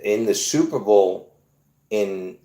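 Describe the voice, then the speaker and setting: Warm in tone and lowish in pitch, this man speaks slowly in an echoey room. He's a video host giving a rambling talk to viewers, insistently repeating himself and restarting with many fillers.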